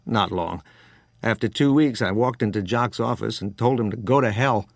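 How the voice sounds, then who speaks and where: Narrator as a tired New York wine man in his forties, frank and wry, low and unadorned. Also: moderate pace, vocal fry, no room sound, studio quality. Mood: weary. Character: weary mid-forties American wine trader.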